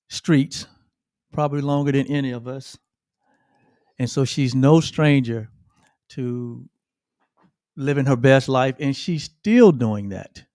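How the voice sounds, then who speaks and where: A man's voice: medium pitch, darkish tone, no echo, clean studio sound. A middle-aged man co-hosting a livestream, talking earnestly about gratitude and often repeating himself. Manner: earnest, repeats phrases, ends with "right?". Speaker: co-host. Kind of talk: reflective livestream talk on gratitude.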